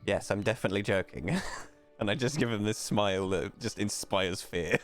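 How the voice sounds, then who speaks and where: Low-voiced joking man at a tabletop game. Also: moderate pace, faint music behind. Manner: joking, swears casually. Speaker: player. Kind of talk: casual tabletop game chat.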